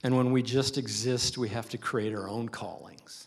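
A man's voice: medium pitch, steady tone, moderate pace. A man preaching a sermon as pastor, earnest and emphatic, leaning on repetition.

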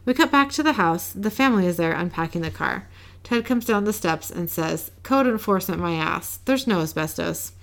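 A woman casually recapping an episode as a podcast co-host, reading the characters' lines in a flat, low-key way. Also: normal speed, gravelly. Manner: reads quoted lines in a flat, low-key way with small laughs.

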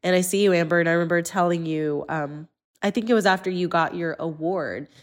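Brief: woman host, 30s, lowish voice, earnest, personal. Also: brisk. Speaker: podcast host. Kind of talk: conversational interview.

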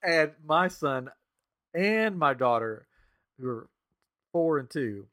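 A man in his thirties, a podcast co-host, telling an animated family story in casual chat, chuckling often and acting out the quotes. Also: on the high side, takes it slowly.

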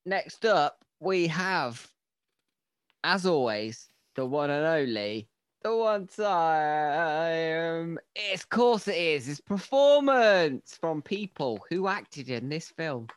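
A man's voice: a little high, very animated, slow, no echo, studio quality. A man co-hosting a casual film podcast, jokey and crude in his banter. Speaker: podcast co-host. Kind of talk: casual film review chat.

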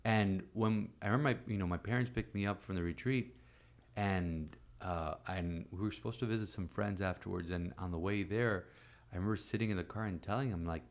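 Man, 40s, priest, fairly low voice, animated storyteller. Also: a little fast. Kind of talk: storytelling in conversation.

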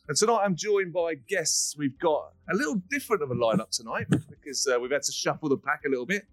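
A man's voice: fairly high pitch, big pitch swings, a little fast, no room sound, low-quality recording. A man hosting a podcast in an upbeat, jokey, rambling way. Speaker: podcast host. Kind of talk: casual podcast chat.

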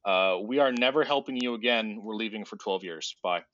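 Man doing dismissive knights, flat, fed-up tone, dry, muffled sound. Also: on the low side, fairly quick, no echo, lightly acted.

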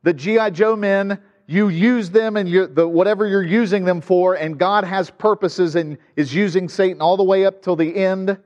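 A man's voice: sits high, steady tone, moderate pace, hardly any pauses, a little mellow, big-room sound, highs cut off. A man preaching a sermon as pastor, conversational, with asides and rhetorical questions to the congregation.

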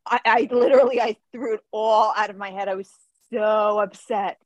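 A woman co-hosting a casual podcast, telling a story in an animated way with quick restarts. Her voice sounds close and dry, with no room around it, and sits in a middle pitch. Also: no echo, muffled recording. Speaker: podcast co-host and author.

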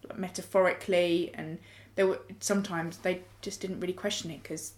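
A woman's voice: lowish voice, steady tone, fairly quick. A woman in a casual group discussion, explaining her ideas in a reflective way.

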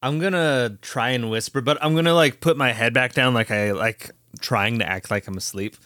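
A man plays in a tabletop game, thinking aloud with lots of fillers and restarts. His voice is bright and tense, recorded dry and close. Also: mid-range voice, moderate pace, dry recording. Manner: hesitant, filler-heavy. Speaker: player. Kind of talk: casual tabletop play.

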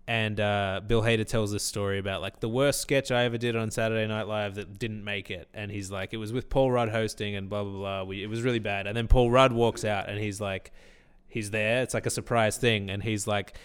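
A man's voice: fairly low pitch, fairly even intonation, a little fast, clean tone. Man telling rambling stories. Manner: rambling storyteller, acts out quotes. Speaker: podcast co-host. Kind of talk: casual chat.

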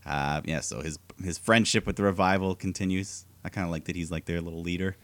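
A man's voice: low-pitched, fairly even intonation, a little fast, fairly bright tone, no echo. A laid-back man co-hosting a podcast, recapping wrestling in casual chat. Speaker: podcast co-host.

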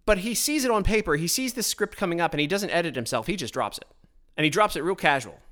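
A man's voice: high voice, expressive, fast talker, fairly bright tone. Blunt, sarcastic man ranting into a podcast mic. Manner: blunt, sarcastic, frequent restarts. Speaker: podcast host. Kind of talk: political commentary monologue. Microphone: his own podcast microphone.

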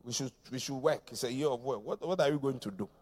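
A man from Ghana preaching a sermon, repeating phrases and swinging between shouts and quiet, low lines. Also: fast talker. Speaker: pastor.

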